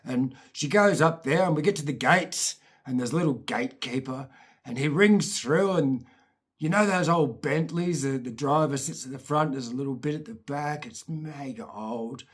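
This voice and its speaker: A Scottish man telling comic childhood stories in a casual, animated way, with swearing and laughter. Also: medium pitch, normal speed, husky. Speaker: storyteller, channel host.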